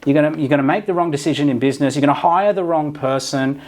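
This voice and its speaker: A man's voice: on the high side, quick pace, darkish tone. An Australian man hosting a podcast in casual chat, blunt and profane, who keeps checking in with "right?". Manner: blunt, swears freely, keeps asking "right?". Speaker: podcast host and property business owner.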